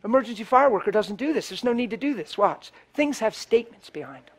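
A man preaching, telling a personal story animatedly and swinging from hushed to loud. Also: high-pitched, animated, quick pace, breathy edge. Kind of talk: storytelling sermon.

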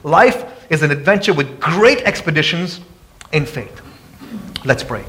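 Male pastor, slightly high voice, preaching with fire in a sanctuary; leads call-and-response and climbs loud for emphasis. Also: big pitch swings, measured pace, a little hiss or hum. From abroad. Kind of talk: sermon. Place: church sanctuary.

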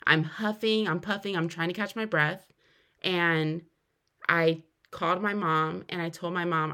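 A woman's voice: fairly low pitch, steady tone, unhurried, bright, forceful tone. A young woman hosting a podcast, telling her own story earnestly, with sudden emphatic rises. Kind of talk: personal storytelling.

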